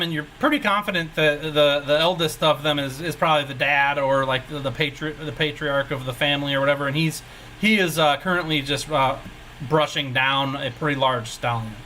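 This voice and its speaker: A man narrating a tabletop game as game master, rambling and easygoing as he describes scenes. His voice is bright and a touch high for a man, with a light hiss of background noise. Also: normal speed, rough recording. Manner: rambling, laid-back, self-mocking.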